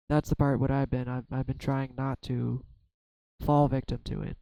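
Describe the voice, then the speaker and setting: A man doing a solo tarot reading, talking slowly through his own fears and frustration with many restarts. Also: medium pitch, little pitch movement, creaky, mellow, no room sound, low-quality recording. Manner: halting, self-searching, many restarts. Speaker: tarot reader. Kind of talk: reflective solo tarot vlog.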